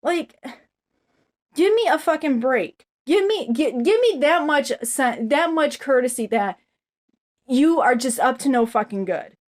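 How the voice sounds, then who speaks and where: A woman's voice: sits high, animated, measured pace. A woman ranting angrily to the camera, rambling and swearing constantly as she vents. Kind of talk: angry profane rant to camera.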